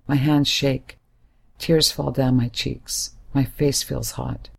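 A woman's voice: very deep voice, fairly even intonation, unhurried, vocal fry, breathy edge. A woman reading a first-person story aloud in a plain, inward, present-tense manner. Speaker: narrator. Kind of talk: first-person audiobook narration.

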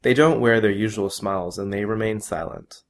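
A man reading his own first-person story aloud in a measured, plain way. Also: on the low side.

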